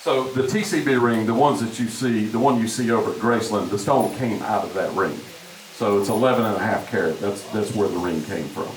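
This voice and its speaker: A man hosts a live interview on stage, his voice a bit low and eager. He sounds somewhat away from the mic. The room echoes around him. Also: a little fast, hardly any pauses. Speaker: event host interviewer. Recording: echoey hall, mic held at a distance.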